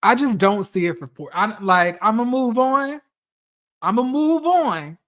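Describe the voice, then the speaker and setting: A woman's voice: a little high, expressive, measured pace, fairly bright tone. A woman giving casual, profane reality TV commentary, blunt and repeating phrases for emphasis.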